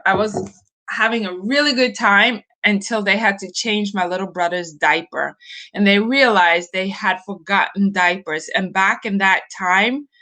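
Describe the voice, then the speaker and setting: Woman in her forties, from Norway, bright tone, relaxed unhurried delivery, casual live chat, chatty and giggly. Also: mid-range voice. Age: 40s. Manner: chatty, hesitant, laughs often. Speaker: livestream host.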